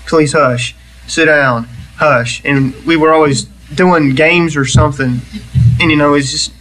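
A man giving a personal testimony in church, earnest and halting, with many restarts. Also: on the high side, fairly bright tone, poor audio.

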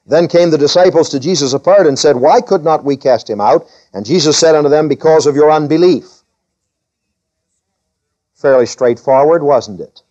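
A pastor preaching a sermon, a man whose voice sits a little high. He lifts up to read scripture and drops back down to explain it. The recording is dull and lo-fi. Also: moderate pace, darkish tone. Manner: preaching with scripture readings in a raised voice.

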